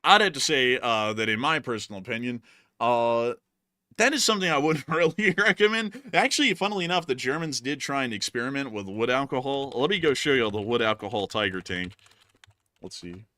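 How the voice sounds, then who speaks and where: A man's voice: animated, bright, forceful tone, no room sound. A man hosting a live stream and answering super chats casually, with a slightly strained voice and plenty of "uh" fillers. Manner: casual, drawn-out fillers, with sudden pitch jumps. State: voice feels strained. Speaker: show host.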